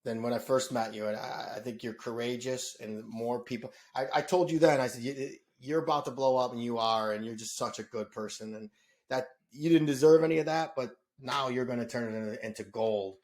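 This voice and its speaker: A man's voice: mid-range voice, fairly quick, a little mellow. A middle-aged man from Detroit, a podcast guest talking earnestly and emotionally, often stammering and repeating words. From Detroit, USA. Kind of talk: casual conversation.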